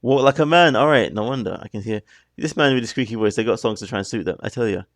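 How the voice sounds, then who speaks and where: A man's voice: on the low side, fast, dry recording, studio quality. A man hosting a reaction video, talking through the music in a chatty, rambling way that keeps breaking off mid-thought. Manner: chatty, rambling, self-interrupting. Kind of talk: casual rambling commentary.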